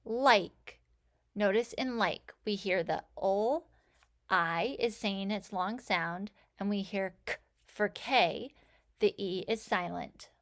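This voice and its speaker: A woman teaching a phonics lesson, sounding out letters and words with slow, clear enunciation. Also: medium pitch, fairly bright tone. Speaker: reading teacher.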